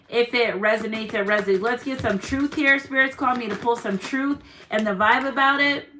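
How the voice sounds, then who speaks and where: Bright-voiced woman giving a spiritual reading. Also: on the high side, measured pace. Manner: encouraging, repetitive affirmations. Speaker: tarot reader.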